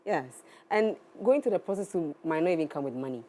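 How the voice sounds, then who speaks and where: A woman's voice: sits low, expressive, brisk, warm tone. A woman, an actress guest giving earnest advice in an interview. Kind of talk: interview answers. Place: TV studio.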